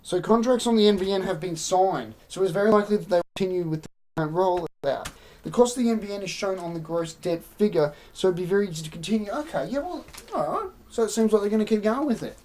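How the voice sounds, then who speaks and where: A woman's voice: mid-range voice, lively intonation, quick pace, mellow, a little hiss or hum. An Australian woman hosting a live stream, rambling through opinions and answering her chat in casual commentary. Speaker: livestream host.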